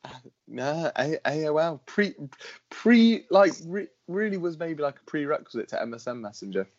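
A man's voice: fairly high pitch, very animated, normal speed, highs cut off. Chatty man on a podcast. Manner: chatty, laughs often, restarts a lot. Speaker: podcast co-host. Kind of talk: casual podcast chat.

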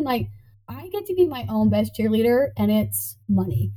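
A woman in a casual conversation, animated and laughing often, slipping into playful voices when quoting herself. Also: on the high side, normal speed, rough recording.

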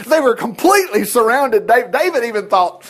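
Animated man, higher voice, informal Bible lesson with playful asides. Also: normal speed. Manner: animated storytelling, acts out voices, jokes and chuckles. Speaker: Bible teacher.

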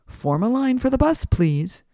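A woman voicing a harried male snake teacher in a children's storybook, speaking calmly and pleadingly. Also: on the high side, a little slow, no room sound, clean studio sound, voice pushed up.

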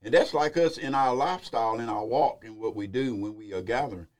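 A man with a medium-pitched voice speaks up in a small group discussion. His talk is casual and affirming, and he makes his point with simple everyday comparisons. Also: fairly quick. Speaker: group member. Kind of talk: casual chat.

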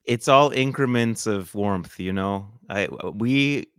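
A man's voice: lowish voice, slow pace, a bit bright, smooth, no room sound. A man from the US West Coast co-hosting a casual podcast, trading wry, dry jokes into a studio mic. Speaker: podcast co-host. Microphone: studio microphone, uneven levels.

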